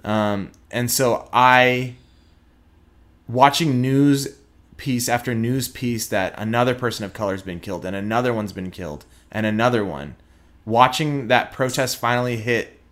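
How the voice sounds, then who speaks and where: A young adult man from Texas, speaking as an interview guest in an earnest, reflective way with frequent pauses and fillers. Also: mid-range voice, fairly bright tone. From Houston, Texas. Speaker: guest, prosecutor.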